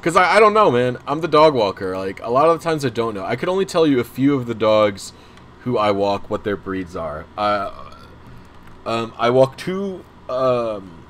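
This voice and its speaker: A man's voice: medium pitch, lively intonation, moderate pace, slight background noise. A young man chatting casually on a livestream, rambling and self-deprecating as he talks to viewers. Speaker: streamer.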